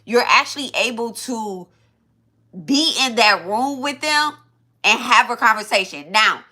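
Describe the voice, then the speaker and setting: Lady doing a tarot reading, bright sharp voice, cusses a lot, keeps restarting her thoughts. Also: fairly high pitch, lively intonation, a little slow. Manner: casual, swearing, thinks aloud with many restarts. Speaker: tarot reader. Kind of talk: spiritual reading to viewers.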